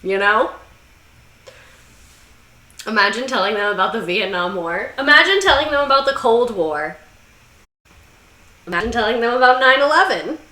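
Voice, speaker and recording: A woman's voice: a little high, very animated, normal speed, pauses often, bright, forceful tone, echoey room, rough recording. A young woman hosting a comedic history commentary, irreverent and swearing, with sarcastic asides and mocking voices. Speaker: video essay host. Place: room under bright lights.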